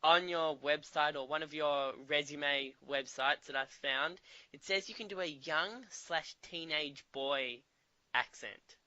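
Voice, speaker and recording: A man's voice: fairly high pitch, slow pace, sharp tone, clear, resonant tone, no echo. A man interviewing a guest over a video call, friendly, laughing often, with stumbling restarts. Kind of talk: casual interview chat. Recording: dry, slightly muffled call audio.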